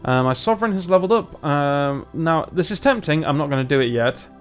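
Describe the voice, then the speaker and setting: A man's voice: fairly high pitch, expressive, fairly quick, faint music behind. A man, commentating a strategy game in a chatty, self-mocking way. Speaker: gamer. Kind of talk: let's play commentary.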